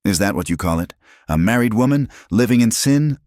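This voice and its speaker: A man's voice: fairly low pitch, lively intonation, brisk, darkish tone, no room sound, clean studio sound, voice pushed up, close to an everyday voice. A man playing a cold, sneering defense lawyer cross-examining a witness.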